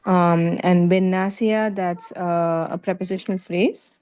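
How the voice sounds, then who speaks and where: A woman student parses grammar aloud in class, hesitant and full of pauses. Her voice sits a little low. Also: fairly even intonation, darkish tone, smooth. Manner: hesitant, many fillers while analyzing. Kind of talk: reading and parsing aloud in class.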